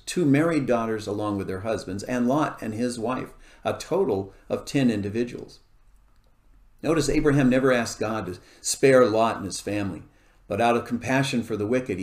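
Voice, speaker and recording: A man preaching an expository sermon, explaining a scripture passage verse by verse in a measured way. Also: mid-range voice, a little mellow. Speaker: pastor. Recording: echoey room.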